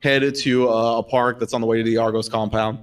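A man narrating as game master in a relaxed, casual way with many fillers. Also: medium pitch, a little fast, distant mic. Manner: relaxed, filler-heavy, laughs often.

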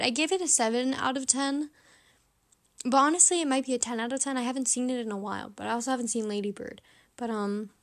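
A young woman rating movies in a chatty, blunt, self-mocking monologue. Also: a little high.

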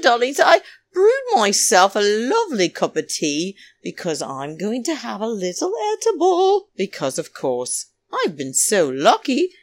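A woman's voice: fairly low pitch, no room sound. A woman hosting a casual, rambling podcast monologue from home, chatty and theatrical, who keeps calling her listeners darlings. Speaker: podcast host. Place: home, New York.

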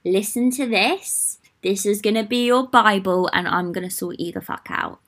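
A woman's voice: medium pitch, normal speed, fairly bright tone. A young woman hosting her own podcast, talking casually in a sassy, chatty way with swearing and playful asides. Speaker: podcast host. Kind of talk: casual solo podcast talk.

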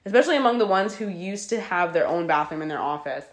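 A woman with a somewhat low voice chats casually as a podcast co-host. She reads listener mail and tells her own stories, animated and quick to laugh. The room has a noticeable echo. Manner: chatty and animated, breaks into laughter. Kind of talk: casual chat, reading a listener letter and telling stories. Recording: roomy echo.

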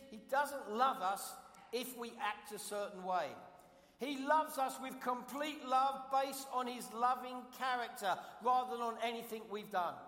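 London guest pastor, high voice, emphatic preaching style, big reverberant church sound. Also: male voice, bright, forceful tone. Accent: London English. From London, England. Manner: emphatic, repeats key phrases, asks the congregation questions. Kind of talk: preaching a sermon. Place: church sanctuary. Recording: echoey hall, long reverb.

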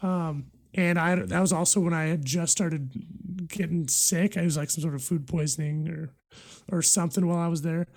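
A young man casually recounting travel memories, relaxed and hesitant with many fillers. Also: fairly high pitch, normal speed. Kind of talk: casual storytelling chat.

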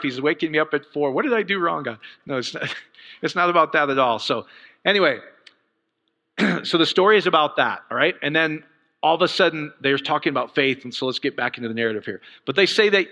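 Animated preacher man in a reverberant hall. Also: on the high side. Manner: conversational, animated, rising to fervent outbursts with laughs and asides. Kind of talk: casual sermon.

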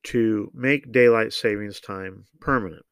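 A man giving opinionated solo political commentary, measured and deliberate, with frequent ums and uhs. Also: lowish voice, clean tone, dry recording.

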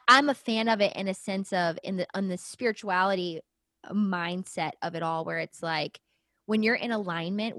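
A woman's voice: mid-range voice, pushed and bright, no echo. Earnest young woman host, dry close sound. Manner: earnest, searching, many "like" fillers. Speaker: podcast host. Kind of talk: reflective spiritual conversation.

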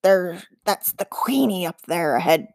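A woman putting on a rasping gruff little creature. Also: lowish voice, expressive, a little slow, a little mellow, no room sound, studio quality, exaggerated voice. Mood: urgent. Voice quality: rasping, hissing.

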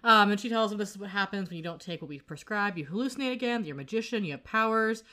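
A woman's voice: medium pitch, lively intonation, quick pace, sharp tone. A woman co-hosting a podcast, casually recapping a TV episode, full of fillers and acting out the characters' lines. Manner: chatty, acts out quoted lines, lots of fillers. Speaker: podcast co-host.

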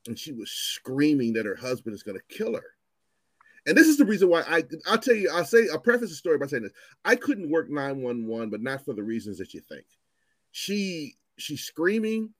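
Man, 50s, storyteller guest; lively swooping delivery, salty language, dry close sound. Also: on the high side, no room sound. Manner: animated, profane, acts out voices in his stories. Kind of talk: casual storytelling chat.

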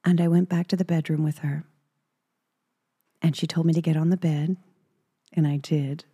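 A middle-aged woman from Texas tells a personal story on her podcast, close and confiding. Her voice is low, husky and mellow, and she often giggles and slips into whispers. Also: little pitch movement, normal speed. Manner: intimate, giggly, dropping into whispers. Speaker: podcast host.

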